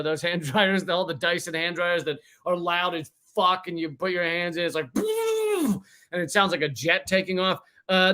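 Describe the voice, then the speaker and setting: High, bright-voiced joking male streamer. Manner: profane, joking, animated. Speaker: livestream host. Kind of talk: casual political livestream rant. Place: hot room without a fan.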